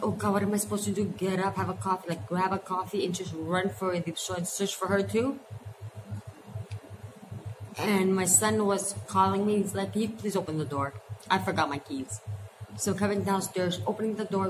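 A middle-aged woman vlogging, chatting casually and rambling through a story with quick asides. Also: mid-range voice. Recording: noisy background ambience.

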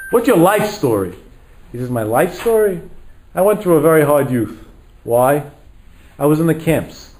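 A man's voice: a little high, darkish tone, low-quality recording. Dramatic storytelling rabbi, man. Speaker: rabbi lecturer. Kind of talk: storytelling sermon.

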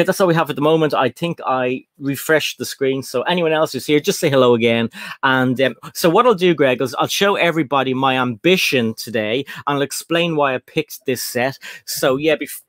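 A man with a slightly high voice hosts a relaxed live build stream, reading out viewers' names and filling the gaps with ums and uhs. His voice sounds very dry and close, with no room around it. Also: no echo. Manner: chatty, reads out chat names with fillers. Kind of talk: casual live-stream chat. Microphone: desk setup, computer far away.

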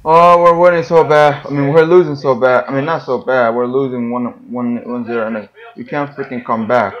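A young man hosting his gaming channel, giving live, excitable commentary on a football game, yelling and groaning at the play and complaining often. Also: medium pitch, a little slow, faint music behind.

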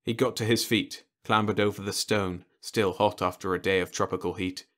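A man reading a science fiction story aloud in lively, animated storytelling narration. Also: lowish voice, moderate pace. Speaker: audiobook narrator.

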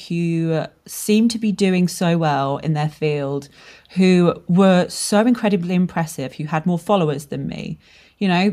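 Frank, swearing woman podcaster, lowish voice. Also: darkish tone. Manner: candid, swears freely, storytelling with laughs. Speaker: podcast host and brand strategist. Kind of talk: casual solo podcast monologue.

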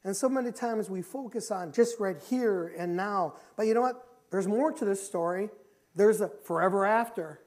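A middle-aged man preaching a sermon in a church. He talks emphatically, repeats his key phrases, and moves between loud and quiet passages. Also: high voice, moderate pace. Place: church sanctuary.

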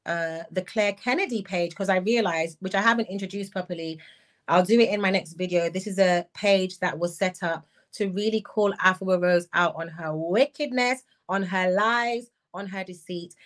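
A woman's voice: lowish voice, moderate pace. Woman host reflecting on a live stream. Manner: reflective, reads viewer comments aloud. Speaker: channel host.

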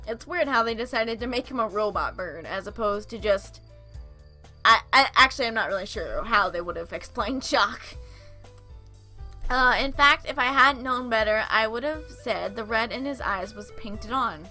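A young woman with a high, bright voice reads a dating game aloud. She breaks off into playful asides and giggles along the way. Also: moderate pace, soft background music. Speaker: let's play host reading a visual novel.

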